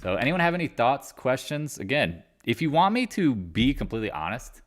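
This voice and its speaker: A man's voice: mid-range voice, big pitch swings, brisk. A man in his forties from North Carolina hosting a casual live market chat, blunt and swearing, often trailing off and restarting. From Raleigh, North Carolina.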